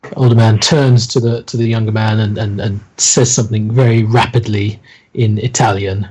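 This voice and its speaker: A man narrating a tabletop game as game master, slow and hesitant with many pauses and ums. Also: on the low side, steady tone, darkish tone, breathy edge, low-quality recording.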